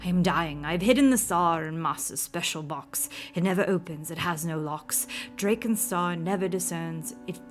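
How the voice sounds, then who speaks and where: A woman's voice: lowish voice, moderate pace, few pauses, soft background music, close to an everyday voice. A woman voicing a weak, dying servant reading out a diary entry in a put-on accent she can't place, solemn and urgent. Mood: grave.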